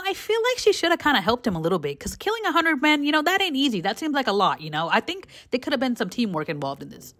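Animated, swearing young woman reviewing films. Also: medium pitch. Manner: animated, profane, gushing. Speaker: film reviewer vlogger. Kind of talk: casual film review vlog.

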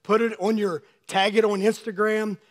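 High-voiced male pastor preaching, a bit hoarse. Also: level tone, normal speed. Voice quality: slightly hoarse. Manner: conversational preaching, speaking to congregants by name. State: losing his voice. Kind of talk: sermon. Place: church sanctuary.

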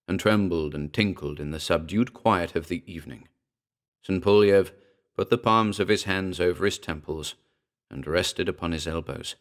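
A man giving a measured, grave, scripted narration of a horror story. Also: deep voice. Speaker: audiobook narrator.

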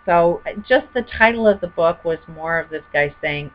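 A woman's voice: fairly low pitch, expressive, normal speed, dull audio, a little hiss or hum. A woman telling a personal story in a rambling, heated way, full of fillers. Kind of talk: personal testimony monologue.

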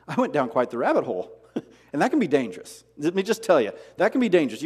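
A man's voice: on the high side, darkish tone, big-room sound. A man preaching a sermon as pastor, asking rhetorical questions and repeating key words for emphasis. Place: church sanctuary.

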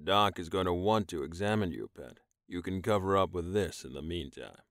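A man voicing a huge, commanding male alien who speaks slowly and low, keeping firm control, in an audiobook. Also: a bit bright, dry recording, studio quality. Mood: stern. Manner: slow, low, firmly in control. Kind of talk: audiobook character voice.

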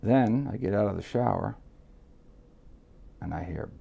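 A middle-aged Miami man, a guest on an interview, tells a story in a casual, profane, streetwise way and acts out the voices of the people in it. His voice is fairly low, gravelly and breathy, and he speaks unhurriedly with frequent pauses. The recording sounds lo-fi.

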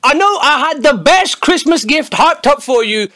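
Young guy, high and lively, cheeky sweary comic rant. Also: normal speed, no echo, clean studio sound. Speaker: comedy YouTuber. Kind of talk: comedic monologue to camera.

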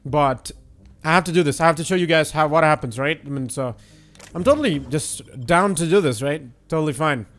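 A young man giving casual, excitable let's-play commentary while he plays, swearing and joking. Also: a little high, fairly quick, soft background music. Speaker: gaming YouTuber.

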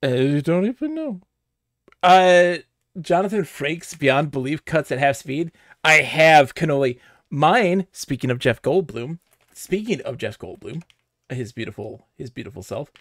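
A man's voice: on the high side, expressive, a little slow, fairly bright tone, no echo, studio quality. A man streaming games live, chatting casually to his viewers in a giggly, rambling way.

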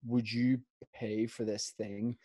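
A young man with a middle-pitched voice recorded close and dry, with no room sound. He tells a childhood story in an easy chat and drops in deadpan jokes. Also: slow pace, dry recording. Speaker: podcast co-host.

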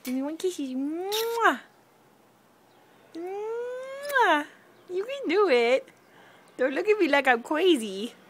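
A woman's voice: high-pitched, lively intonation, normal speed, a little hiss or hum. A mother filming a home video on an outdoor lanai, coaxing her toddler in a playful sing-song way to blow kisses and say bye-bye. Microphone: handheld camera.

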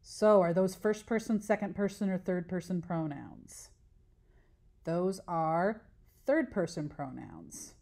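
A woman's voice: fairly low pitch, lively intonation, takes it slowly, creaky, mellow. A woman teacher giving a recorded lesson, patiently explaining step by step and asking questions that she then answers herself.

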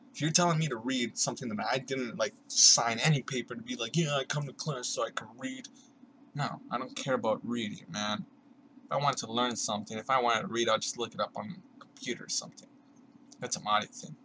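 A young male vlogger rants casually at the camera, sarcastic and swearing a lot, and mid-rant he slips into mimicking other people's voices. His voice is medium-pitched, bright and forceful. It's a rough recording with faint ambient noise underneath.

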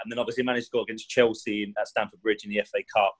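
Recorded in low quality, this husky, low-pitched man speaks very quickly in a steady tone. As a retired footballer on a podcast, he wanders chattily through stories from his playing days, peppering them with "do you know what I mean" and voicing other people's words at a raised pitch.

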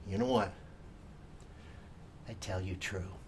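Older guy from hawaii, pidgin accent, telling a spooky kids story, goes hushed then gets all worked up. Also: low-pitched, takes it slowly, slight background noise. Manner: theatrical, swings from hushed to excited.

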